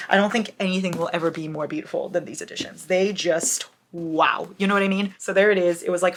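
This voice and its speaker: A woman's voice: medium pitch, fairly bright tone. Bubbly, dramatic young woman book vlogger. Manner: bubbly, dramatic, breaks into singing. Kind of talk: casual chat to camera.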